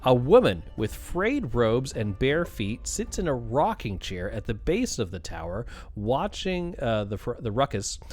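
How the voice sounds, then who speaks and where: A man narrating as game master of a tabletop game, animated and quick to laugh. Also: medium pitch, faint music behind.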